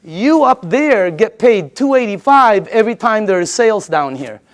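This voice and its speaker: A man in his fifties giving an energetic, emphatic sales pitch to a live audience, quizzing the room. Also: unhurried. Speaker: sales presenter.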